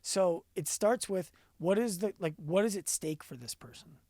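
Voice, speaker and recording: A man being interviewed on a podcast as a business coach, telling stories earnestly and going quiet for the emotional parts. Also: high voice, animated, normal speed, dry recording, clean studio sound.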